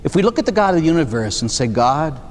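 A man's voice: on the high side, racing. A man preaching a sermon as a Catholic priest, telling stories and acting out dialogue. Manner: animated storytelling, acts out dialogue, tags lines with "huh?". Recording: faint noise, long hall reverb.

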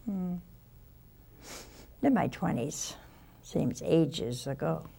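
An older woman, a nun, giving an informal spiritual talk full of personal stories, folksy and unhurried with sighs and soft asides. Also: sits low, expressive, gravelly, a little hiss or hum.

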